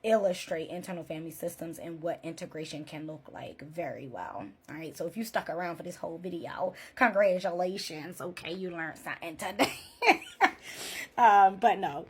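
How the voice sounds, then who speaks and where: A woman therapist speaks in a loose, conversational vlog style. She keeps checking in with her listener as she goes. Her voice sits a little low with a soft, husky edge. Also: a little fast. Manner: chatty, frequent "like" and "right?" check-ins. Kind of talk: casual storytelling vlog.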